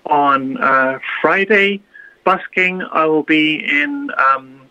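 A woman's voice: low-pitched, takes it slowly, sharp tone. A woman, a busking musician, speaking hesitantly with many fillers in a radio interview. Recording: dull lo-fi sound with faint music.

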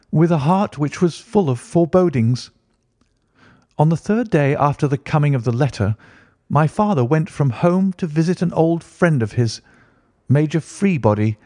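A man reading a classic story aloud in steady, even scripted narration. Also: fairly high pitch, no room sound, studio quality. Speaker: audiobook narrator.

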